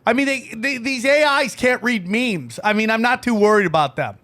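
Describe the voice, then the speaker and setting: A man's voice: very high voice, lively intonation, moderate pace, fairly bright tone. A man hosting a podcast, chatting casually in a brash, rambling way with lots of swearing. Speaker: podcast host. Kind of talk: casual chat.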